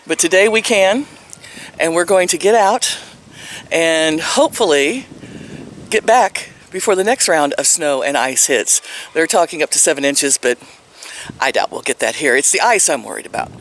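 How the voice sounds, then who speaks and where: An older woman talks into her phone camera in a loose, storytelling vlog, laughing often between tales. Her pitch swings widely as she chats, and a faint hiss sits under the recording. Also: animated, normal speed. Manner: chatty, laughs often, tells stories. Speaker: vlogger. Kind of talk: casual vlog chat. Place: outdoors at home.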